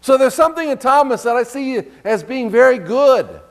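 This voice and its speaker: Very high-pitched and expressive, this pastor preaches conversationally at a moderate pace. He puts rhetorical questions to his congregation and reads passages of scripture aloud.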